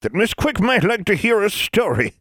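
A man voicing an ancient, wizened Ozark granny with a high, cracked drawl, cryptic and sly. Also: big pitch swings, normal speed, fairly bright tone, no room sound, clean studio sound, full character voice. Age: elderly.

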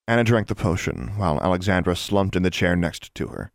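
Deep gravelly male storybook reader. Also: lively intonation, a little fast, dry recording, studio quality. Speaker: audiobook reader. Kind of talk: storybook narration.

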